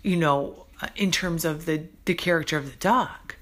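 A woman imitating a condescending middle-aged male dog trainer who asks slow, patronizing questions over the phone. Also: low-pitched, a bit bright.

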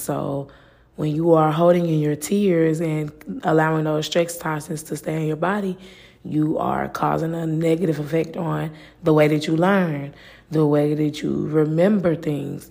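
A woman's voice: deep voice, a little mellow. A woman hosting a faith-based podcast, talking earnestly and personally, with many fillers. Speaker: podcast host.

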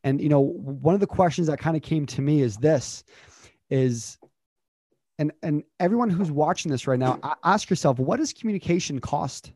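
A man's voice: on the high side, expressive, moderate pace, a little mellow, no echo, clean studio sound. A man hosting a motivational interview as a communication coach, talking with energy and stacking repeated questions.

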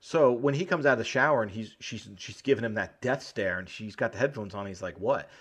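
A man's voice: fairly low pitch, brisk, a bit bright, slightly rough. Profane man animatedly retelling a movie. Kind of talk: casual movie recap chat.

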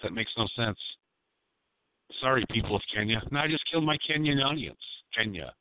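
A man's voice: medium pitch, animated, fairly quick, dry recording. A man hosting a live call-in radio show, talking in a rambling, crude and provocative way. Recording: dry tinny phone-like sound.

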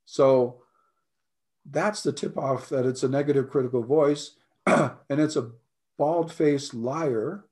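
An American man, a life coach, talking earnestly in a conversation, often clearing his throat and repeating his points. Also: medium pitch, takes it slowly, a little mellow.

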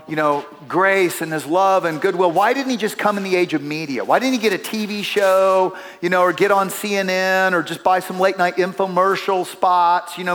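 A man's voice: sits high, a bit bright. A middle-aged man, a pastor, preaching a sermon in a church, talking in a conversational way and telling stories with asides to the congregation. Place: church sanctuary. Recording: long hall reverb.

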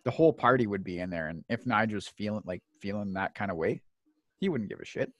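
Animated swearing man, dry mic. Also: on the low side, fast, no echo, highs cut off. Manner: animated, swearing storyteller who acts out quotes. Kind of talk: casual chat.

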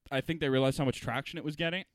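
A man's voice: mid-range voice, fairly even intonation, very fast, no room sound. A man co-hosting a casual podcast, ranting with lots of swearing and filler words. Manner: ranting, heavy swearing, frequent "like". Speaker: podcast co-host. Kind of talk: casual chat.

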